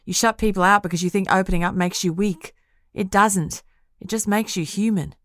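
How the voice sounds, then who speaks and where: A woman's voice: mid-range voice, fairly even intonation, moderate pace, dry recording, studio quality, natural voice. A woman voicing a fierce young woman friend who talks bluntly and sharply. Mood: firm. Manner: sharp, scolding, then firmly caring.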